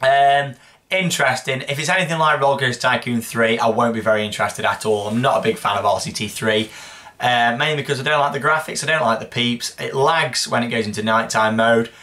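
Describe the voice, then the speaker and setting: A man's voice: mid-range voice, fairly quick, sharp tone. A young man hosting a casual show, answering viewer questions in a chatty, rambling way. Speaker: host.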